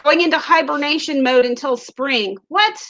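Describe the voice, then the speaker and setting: A woman's voice: high voice, normal speed, bright, forceful tone, highs cut off, slight background noise. A chatty woman with an Ozarks accent who hosts a casual livestream, giggling often and reading viewer comments aloud into a webcam mic. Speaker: livestream host.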